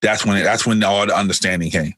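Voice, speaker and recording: A man in his thirties co-hosting a podcast, telling stories in a casual, animated way and acting out what other people said. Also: fairly low pitch, fairly quick. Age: 30s. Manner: animated storyteller who acts out other people's lines. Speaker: podcast co-host. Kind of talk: casual chat.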